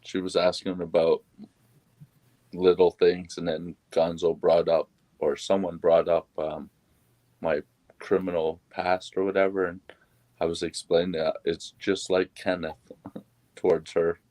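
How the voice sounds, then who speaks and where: A man's voice: sits low, little pitch movement, measured pace, warm tone, no room sound. A man in casual chat, laid-back and mostly giving short replies.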